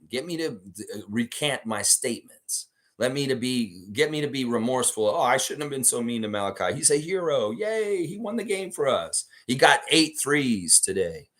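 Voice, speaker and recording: A hoarse man hosting a live sports stream, reading viewer messages aloud and ranting in a casual, swearing way. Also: medium pitch. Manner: animated, reads chat messages aloud, swears freely.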